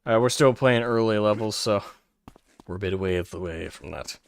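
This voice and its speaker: A man's voice: lowish voice, a little fast, vocal fry, clear, resonant tone. Rambling, foul-mouthed male game streamer. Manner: chatty and rambling, with many fillers and curses. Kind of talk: casual gameplay commentary on a livestream.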